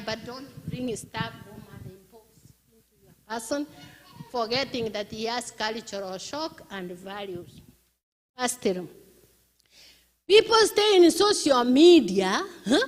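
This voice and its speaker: A woman's voice: on the high side, in a large hall. A woman preaching a sermon, addressing the congregation directly with pointed questions and often repeating her words as she starts a phrase. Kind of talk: sermon on marriage. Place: church service.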